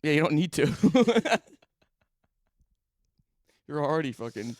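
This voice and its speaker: A man's voice: on the high side, sing-song, slow, no echo, clean studio sound. Joking Philly guy laughing on a podcast. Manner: joking, laughs often, swears freely. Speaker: podcast co-host. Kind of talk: casual chat. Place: studio.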